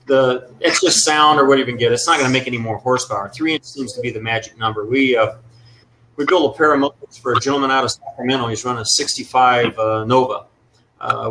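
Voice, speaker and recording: Bright-voiced, joking car guy. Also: medium pitch, slight background noise, rough recording. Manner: loose, joking, rambling car talk. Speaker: muffler maker guest. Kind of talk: casual live show chat.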